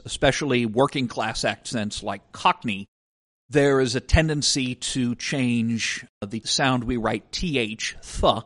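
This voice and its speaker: A man at an ordinary middle pitch, co-hosting a podcast. He talks in a casual educational way, laying out one example after another in turn. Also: a bit bright. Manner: explanatory, walks through examples step by step. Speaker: podcast co-host.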